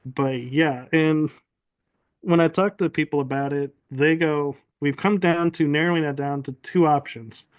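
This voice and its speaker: Man, somewhat high voice, earnest storyteller, casual chat, quotes himself. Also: fairly even intonation, a little slow. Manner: earnest storyteller acting out his own quotes. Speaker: podcast guest.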